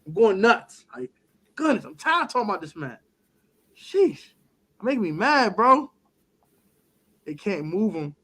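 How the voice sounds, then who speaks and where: A man co-hosting a casual sports talk show, animated and laughing often as he acts out other people's words. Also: sits high, normal speed, long pauses. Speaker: podcast co-host.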